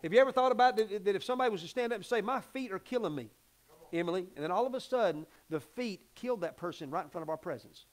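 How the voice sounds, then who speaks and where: A pastor preaching a folksy, animated sermon that acts out little scenes. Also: male voice, sits high, very fast, few pauses.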